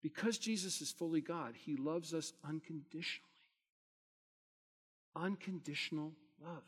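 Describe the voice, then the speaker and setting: A pastor delivers a sermon in an earnest, high-pitched voice. He swells loud on key phrases, then falls quiet between them. The sound carries a long hall reverb. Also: normal speed, husky.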